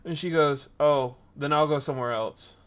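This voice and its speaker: A man's voice: a little high, normal speed, smooth. A young man hosting a casual stream podcast, telling a story and acting out the people in it. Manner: animated, acts out quoted people.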